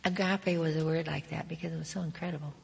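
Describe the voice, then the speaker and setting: A woman giving a sermon in an earnest storytelling manner, with a husky voice, quoting God softly. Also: sits low, steady tone, fast talker. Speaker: speaker.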